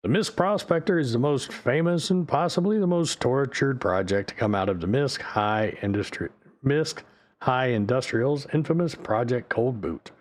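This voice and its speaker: A man's voice: mid-range voice, natural voice. A man putting on a formal newscaster voice. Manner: measured, formal announcer delivery. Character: formal male newscaster reading a ship guide.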